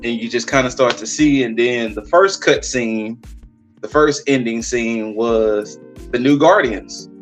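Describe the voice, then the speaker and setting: Animated man retelling a movie. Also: medium pitch, unhurried, soft background music. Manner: animated retelling with playful quoted voices. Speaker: podcast host. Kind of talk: casual movie review chat.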